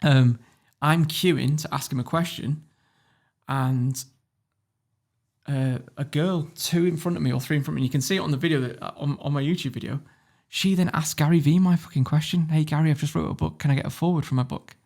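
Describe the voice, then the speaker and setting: A quick-talking man from northern England with a gravelly, creaky voice. He tells a story as a podcast guest, loose and animated, swearing freely as he goes. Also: on the high side. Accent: northern English. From Warrington, England. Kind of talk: casual interview storytelling.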